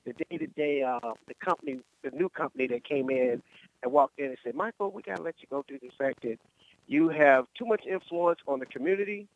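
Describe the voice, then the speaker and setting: A man calling in to a talk show, speaking softly and rambling a little. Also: on the high side, a little fast, highs cut off. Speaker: caller.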